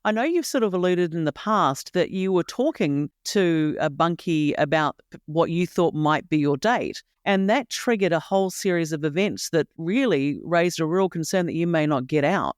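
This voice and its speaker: A woman hosting an interview podcast who asks measured, probing questions. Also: fairly low pitch, animated, clean tone, no echo, studio quality. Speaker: podcast host.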